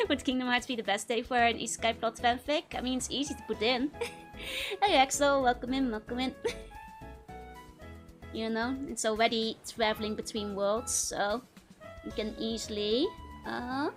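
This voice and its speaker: A woman's voice: a little high, expressive, unhurried, pauses often, a bit bright, faint music behind. A young woman streamer chatting casually with viewers, giggling often between phrases.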